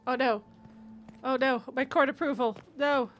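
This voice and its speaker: A woman's voice: sits high, fairly even intonation, a little slow, a bit bright, slight background noise. A woman streaming a video game, chatting to herself and chat as she plays and laughing often. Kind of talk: casual let's-play commentary.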